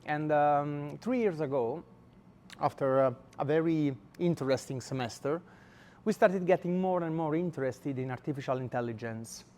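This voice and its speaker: A man's voice: on the high side, normal speed, darkish tone. Italian-accented man giving a lecture. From Italy. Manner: hesitant, many filler sounds. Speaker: guest lecturer. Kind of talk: university lecture. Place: lecture room.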